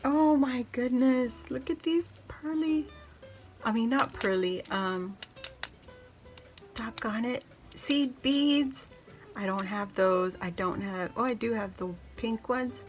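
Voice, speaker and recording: A woman's voice: fairly high pitch, takes it slowly, faint music behind. A woman vlogger chatting casually to the camera as she unboxes gifts, gushing and effusive, laughing often and exclaiming in delight. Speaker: craft vlogger opening gifts.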